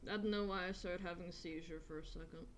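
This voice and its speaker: A woman's voice: fairly low pitch, fairly even intonation, fast talker, slight background noise. A woman streaming a game, chatting casually in a crude, rambling way and laughing often. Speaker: gaming streamer. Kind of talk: casual gameplay commentary.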